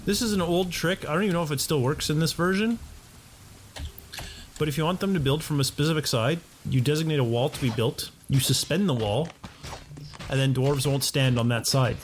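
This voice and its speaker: A man's voice: on the high side, a little fast, a little hiss or hum. A man giving casual, chatty commentary while playing a game at home, often talking to himself and his game characters. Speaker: let's play host. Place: home condo.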